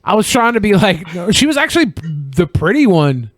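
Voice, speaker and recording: A man's voice: high voice, very animated, fairly quick, no room sound, studio quality. A man on a podcast casually recounting a late-night story, chuckling and quoting the people he met. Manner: laid-back, chuckling recollection with quoted voices. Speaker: podcast co-host.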